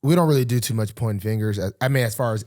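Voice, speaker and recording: A young man, a football player co-hosting a podcast, talking casually in halting phrases full of restarts. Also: fairly low pitch, darkish tone. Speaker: pro football player, co-host.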